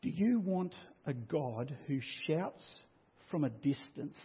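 Pastor, husky voice, loud then hushed. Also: male voice, fairly high pitch, sing-song, takes it slowly. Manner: swings from loud declaring to hushed near-whisper. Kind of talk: sermon. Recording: tinny phone-like sound.

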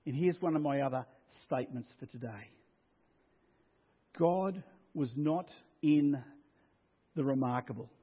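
A male pastor delivers a sermon at a slow, deliberate pace, his voice slightly husky and a touch high. He swings from loud declarations down to soft, near-whispered lines. The recording sounds thin and tinny, like a phone line.

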